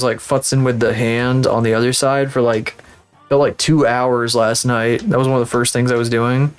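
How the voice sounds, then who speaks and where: A male streamer talks loosely and profanely as he works, in a voice of middling pitch. He rambles and jokes at his own expense. Faint music plays underneath. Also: clear, resonant tone. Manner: rambling, profane, self-mocking. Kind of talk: casual live-stream chat while working.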